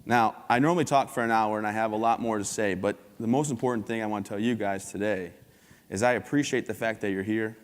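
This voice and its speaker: A man's voice: fairly low pitch, steady tone, fast. A man giving a humorous, upbeat motivational talk as a keynote speaker at a conference. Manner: joking, upbeat storyteller. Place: large conference hall. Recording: long hall reverb.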